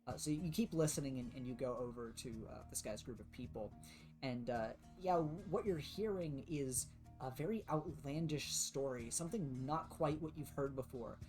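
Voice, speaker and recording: A man's voice: mid-range voice, normal speed, a little mellow, faint music behind. Man, game master, casual tabletop narration, rambling delivery. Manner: casual, many fillers and restarts.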